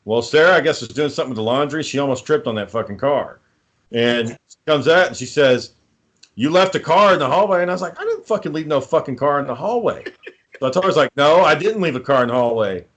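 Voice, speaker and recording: A man's voice: mid-range voice, animated, fast. A man co-hosting a casual chat, swearing freely as he tells heated stories about home life. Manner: profane, heated storytelling.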